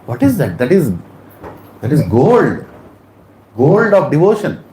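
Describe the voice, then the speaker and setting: A man giving an animated storytelling sermon at a temple Sunday feast, acting out the lines of the people in his story. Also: fairly high pitch, a little slow. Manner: animated, acts out dialogue in changing voices. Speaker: devotional speaker. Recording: echoey hall, faint room noise.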